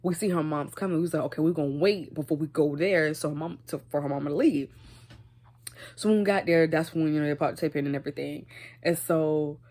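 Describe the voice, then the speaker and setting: Young woman vlogger, slightly low voice, chatty and animated storytime delivery. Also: quick pace. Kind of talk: casual storytime.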